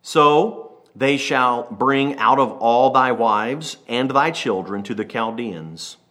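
A man preaching a sermon, reading scripture slowly and then retelling it in lively everyday speech, acting out the characters. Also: mid-range voice. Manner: switches from slow King James reading to lively paraphrase.

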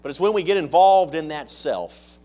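A man preaching a sermon, talking conversationally and asking the congregation many rhetorical questions, turning loud for emphasis and then dropping to quiet asides. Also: fairly high pitch, lively intonation, normal speed. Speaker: pastor.

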